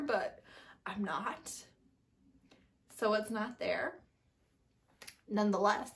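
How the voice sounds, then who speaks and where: A woman book vlogger in casual chat, rambling and chatty with lots of asides and emphatic bursts. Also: a little high.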